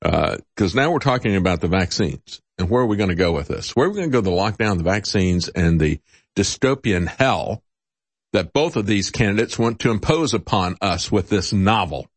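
Husky, animated talk show host. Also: male voice, moderate pace, dry recording. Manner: sarcastic, mocking voices when quoting others; animated, rising pitch in quotes. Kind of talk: opinionated political commentary.

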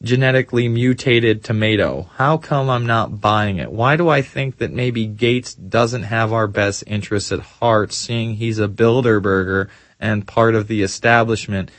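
A man hosting a talk radio show, ranting sarcastically about the news and mocking it, slowing down to stress points and then rushing on. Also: on the low side, fairly bright tone, dry recording. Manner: sarcastic, mocking, swings between slow emphasis and quick rants. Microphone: studio microphone.

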